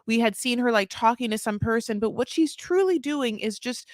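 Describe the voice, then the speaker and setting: A woman co-hosting a podcast, chatting loosely through a reality-show recap. She slips into quick impressions of the people on the show. The mic is close and the sound is dry. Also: on the high side, dry recording. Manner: animated retelling with acted-out quotes. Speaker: podcast co-host. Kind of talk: casual recap chat.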